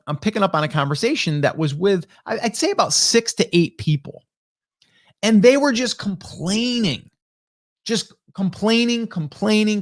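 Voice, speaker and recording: A middle-aged man hosting a motivational talk, telling a travel story in a casual, conversational way with frequent "right?" asides. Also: sits high. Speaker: host. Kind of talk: motivational monologue.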